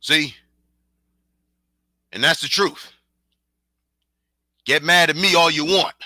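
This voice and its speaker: High, sharp-voiced man ranting heatedly. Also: slow pace, no echo. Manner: heated, profane, taunting with repeated challenges. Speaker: podcast host. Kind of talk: angry solo podcast rant.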